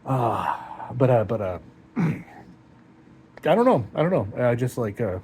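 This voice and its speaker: A man's voice: medium pitch, creaky, a little mellow, a little hiss or hum. Heartbroken man rambling to camera. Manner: rambling and halting, emotional. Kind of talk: personal confessional vlog.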